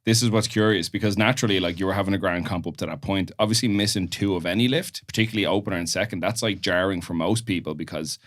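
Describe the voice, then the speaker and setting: An Irish man hosting a podcast, relaxed and encouraging, recapping the story before he asks his question. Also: low-pitched, fast talker, few pauses. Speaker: podcast host. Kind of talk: casual interview chat.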